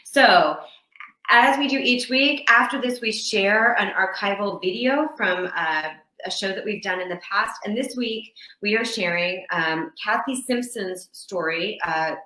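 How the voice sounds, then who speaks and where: Woman host, bright and lively, telling bawdy jokes in a roomy space. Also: mid-range voice, a little slow. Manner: lively, animated delivery. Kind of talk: telling old dirty jokes, casual chat. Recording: echoey room.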